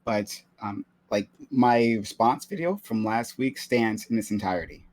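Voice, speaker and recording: A man's voice: fairly low pitch, steady tone, a little slow, darkish tone, rough recording. A man giving an opening statement in an online debate, hesitant and full of fillers.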